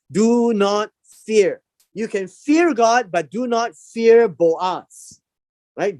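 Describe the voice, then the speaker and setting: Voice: mid-range voice, a little mellow, no room sound. A Bible teacher giving a verse-by-verse lesson, explaining word meanings and repeating key words for emphasis.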